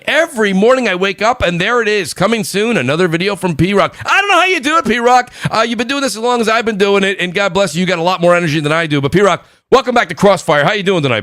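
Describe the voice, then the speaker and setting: Loud NY podcast host, rapid-fire shout-outs, a touch high, dry close-miked sound. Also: male voice, no room sound. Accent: New York. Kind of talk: live gaming podcast chat.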